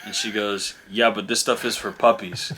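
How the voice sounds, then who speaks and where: A young man, a podcast co-host, telling casual stories and acting out the dialogue with animated delivery. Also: on the low side, normal speed. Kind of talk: casual storytelling chat.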